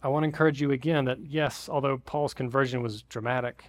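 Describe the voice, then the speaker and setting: Pastor guy in his 30s, chatty sermon in church, middle pitch. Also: fairly even intonation, brisk. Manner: conversational, re-enacting family greetings with big voices. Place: church sanctuary.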